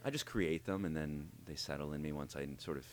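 Very deep-voiced male voice actor. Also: a little fast, a little hiss or hum. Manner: animated, explains by demonstrating voices. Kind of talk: interview conversation.

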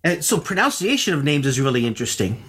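A man's voice: a little high, very animated, fast talker, fairly bright tone, husky. Curious male host asking questions. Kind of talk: interview chat.

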